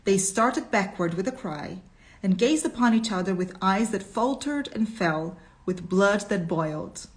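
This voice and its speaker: A woman reading a short story aloud at a slow, deliberate pace, in the manner of a literature teacher. She pauses between passages to add her own commentary. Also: mid-range voice, lively intonation.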